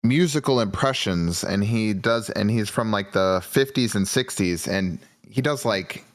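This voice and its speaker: A man co-hosting a casual music podcast, rambling with halting restarts. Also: lowish voice. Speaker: podcast co-host. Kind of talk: casual chat. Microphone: headphones, remote call.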